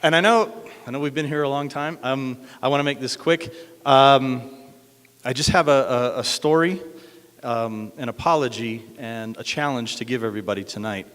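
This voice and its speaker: A man's voice: mid-range voice, moderate pace, fairly bright tone. A man from Denver telling a myth at a cafe open mic, hesitant with many fillers. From Denver, USA. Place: cafe event room. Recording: echoey hall.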